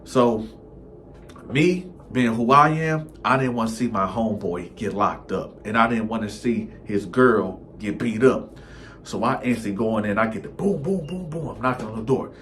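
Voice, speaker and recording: A man's voice: on the low side, normal speed, a little hiss or hum. Laid-back slangy man telling a story. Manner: animated, slangy, acts out the characters. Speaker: storytime host. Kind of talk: casual storytelling.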